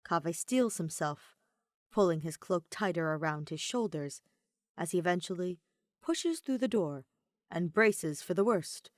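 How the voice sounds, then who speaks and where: A woman narrating fan fiction as an audiobook, in a measured, reflective read. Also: fairly low pitch, lively intonation, no echo, clean studio sound. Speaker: podfic reader.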